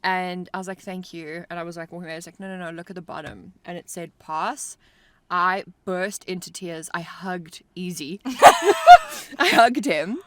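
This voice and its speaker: A woman's voice: on the low side, moderate pace, slight background noise. A young woman, telling a story in casual chat while riding in a car, peppering her talk with "like". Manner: animated storyteller, lots of "like". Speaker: podcast co-host.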